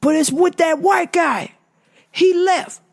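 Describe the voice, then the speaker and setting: A woman's voice: on the low side, expressive, a little fast, darkish tone, breathy edge, voice pushed down. A woman voicing a volatile male customer who rants, curses and repeats himself. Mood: furious shouting. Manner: profane, ranting, repeats himself.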